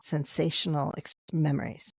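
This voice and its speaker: A woman's voice: low-pitched, flat delivery, moderate pace, slightly rough, no room sound. A woman author, a guest on a podcast, explaining her ideas at length in casual conversation. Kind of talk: casual interview chat.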